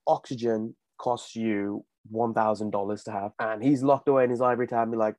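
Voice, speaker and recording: A man's voice: fairly low pitch, fairly even intonation, fairly quick, hardly any pauses, darkish tone, dry recording. A man in his twenties co-hosting a casual podcast, bantering and laughing as he tells stories. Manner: joking banter, laughs mid-story. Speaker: podcast co-host. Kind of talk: casual chat.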